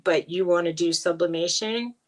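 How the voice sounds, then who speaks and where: A middle-aged woman hosting a casual live-stream chat with a friend, talking in a chatty, animated way. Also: fairly low pitch, moderate pace, rough recording. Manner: chatty and animated, swears and laughs easily. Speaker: channel host.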